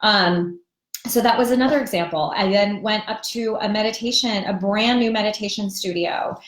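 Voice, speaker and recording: A woman's voice: mid-range voice, normal speed. A woman coaching during a live webinar, talking casually with lots of ums and you-knows. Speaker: divorce recovery coach. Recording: roomy echoey sound.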